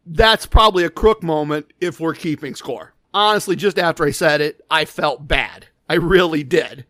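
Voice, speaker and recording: Animated, high-voiced male podcast host. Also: moderate pace, few pauses, dry recording. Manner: animated, self-deprecating, with restarts. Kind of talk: casual storytelling.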